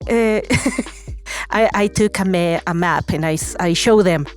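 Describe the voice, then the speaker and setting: A young woman from Mexico with a Mexican accent, telling a travel story on a podcast in an animated way. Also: on the low side, measured pace. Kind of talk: casual anecdote.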